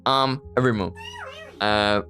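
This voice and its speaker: A woman's voice: very deep voice, measured pace, fairly bright tone, faint music behind. A woman streamer chatting casually on a live stream, playful and giggly, protesting in flustered bursts.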